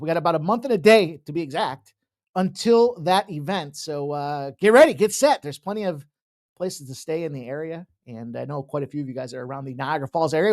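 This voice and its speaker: A man hosting a sports betting show from his home office, talking casually and excitedly, with sudden loud bursts and quieter asides. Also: fairly high pitch. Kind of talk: casual solo show talk.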